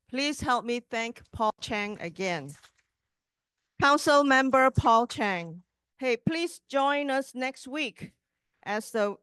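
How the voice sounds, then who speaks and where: A woman's voice: fairly high pitch, fairly bright tone, smooth, dry recording. A woman hosting a meeting, thanking the speaker and making upbeat announcements. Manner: upbeat and inviting. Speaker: meeting host. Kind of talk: event announcements.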